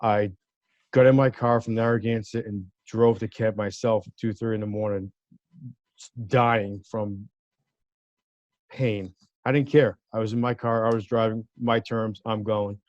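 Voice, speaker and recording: A man's voice: on the low side, steady tone, unhurried, a little mellow, no echo. Male guest, lawyer, vivid storyteller who acts out quoted voices; dry, somewhat dull recording. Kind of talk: personal story in an interview. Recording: dry, slightly dull sound.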